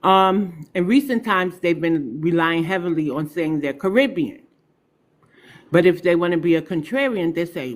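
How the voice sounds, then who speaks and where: Middle-aged new woman on a podcast, emphatic, voice jumping up and down as she makes her point. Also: normal speed. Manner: emphatic, animated storytelling with big swings in pitch. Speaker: podcast guest. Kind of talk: podcast discussion.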